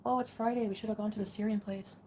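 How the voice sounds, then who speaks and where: A woman's voice: medium pitch, fairly even intonation, quick pace, mellow, slight background noise. Giggly rambling woman streamer. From Canada. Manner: rambling, giggly, lots of fillers. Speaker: livestreamer. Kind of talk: casual livestream chat.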